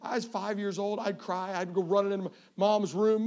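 Evangelist, male, 50s: high voice, playful self-mocking pulpit storyteller. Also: steady tone, normal speed, hardly any pauses. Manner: playful, self-mocking storyteller who often repeats his first word. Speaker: evangelist preacher. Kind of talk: sermon with humorous family stories.

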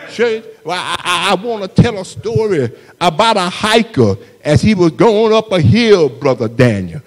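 Male preacher, high voice, unhurried sermon cadence, constant call-outs to the congregation. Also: expressive. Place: church sanctuary. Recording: long hall reverb in a church.

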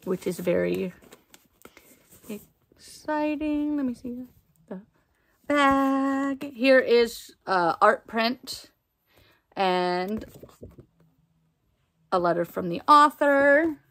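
A young woman chatting casually as she unboxes items for her book vlog, excitable and full of fillers. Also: a little high, extremely slow, pauses often. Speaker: book vlogger.

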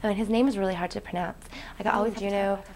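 A woman's voice: mid-range voice, very fast, a little hiss or hum, lightly acted. A woman playing a ditzy daydreaming actress. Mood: rambling. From Canada. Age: 20s. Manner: rambling, full of "like" fillers, flips between hushed whispers and excited outbursts. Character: ditzy, daydreaming young woman, dreamy and naive. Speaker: aspiring actress. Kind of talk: comedic web series monologue.

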